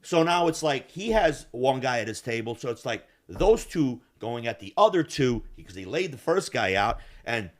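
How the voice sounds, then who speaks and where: Man host, swearing storyteller, lively delivery, casual podcast chat. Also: mid-range voice, moderate pace, hardly any pauses. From Yugoslav family roots. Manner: profane, animated storyteller acting out bar scenes.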